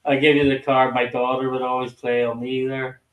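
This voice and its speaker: A man's voice: mid-range voice, little pitch movement, normal speed, echoey room, dull audio, a little hiss or hum. A man chatting casually on a group video call, swearing freely and sounding tired and restless. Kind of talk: casual chat.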